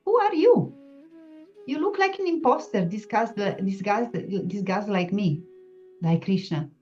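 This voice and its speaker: A woman's voice: mid-range voice, animated, moderate pace, lightly acted. A woman voicing a river goddess who consoles and then challenges, in a storytelling talk. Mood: challenging. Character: river goddess, gentle then commanding, female. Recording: dull lo-fi sound, soft music behind.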